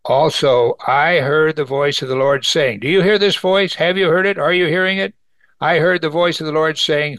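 An earnest man leads an evening Bible study, reading scripture aloud and explaining it. His voice sits a little high and has a gravelly edge. The sound is dry and close. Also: steady tone, moderate pace, fairly bright tone, no room sound. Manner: earnest, rises in pitch for emphasis, reads scripture aloud. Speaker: Bible teacher.

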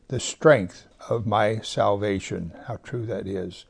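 A man teaching through a psalm, reading verses slowly with heavy emphasis and sometimes dropping almost to a whisper. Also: fairly low pitch, gravelly, breathy edge. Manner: drops to a near whisper at times. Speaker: pastor. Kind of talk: Bible teaching.

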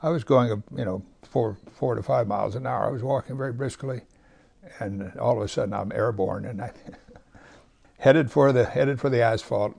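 Gravelly-voiced man teaching scripture. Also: mid-range voice, darkish tone. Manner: reads scripture slowly with heavy emphasis; drops to a near whisper at times. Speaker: pastor. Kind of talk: Bible teaching.

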